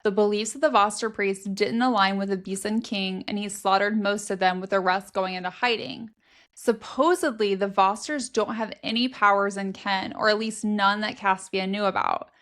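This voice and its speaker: A young woman co-hosting a book podcast, summarizing the story in a steady, matter-of-fact way. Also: mid-range voice, moderate pace. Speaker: podcast co-host. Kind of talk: casual book recap chat.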